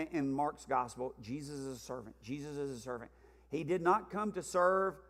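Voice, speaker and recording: A man with a fairly high voice teaches a Sunday Bible class in an earnest lecturing way, repeating his main points as he goes. The sound carries a long reverb from the church hall he speaks in.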